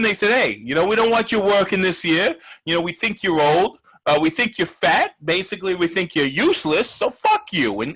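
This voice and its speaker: An actor playing a brash, foul-mouthed male sports show host who rants loudly and mocks his targets in a comedic sports segment. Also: sits high, slightly rough, heavily acted. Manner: loud, ranting, profane, mocking.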